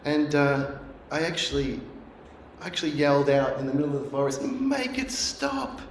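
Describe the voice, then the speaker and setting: A middle-aged guest speaker delivers a sermon as a personal story, his medium-pitched voice flat and a little fast. He tells it earnestly and acts out voices he remembers. The echoey church hall adds roomy echo and a faint room hiss.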